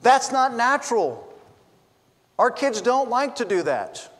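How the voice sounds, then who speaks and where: This middle-aged pastor has an extremely high, fairly bright voice with big pitch swings, speaking slowly in the big-room sound of a church sanctuary. His sermon is full of funny family stories and chatty banter with the congregation.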